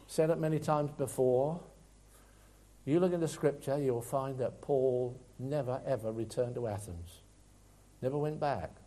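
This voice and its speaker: Earnest preacher, mellow voice. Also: male voice, medium pitch, moderate pace. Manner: earnest preaching, swings between loud emphasis and quiet asides. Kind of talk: sermon.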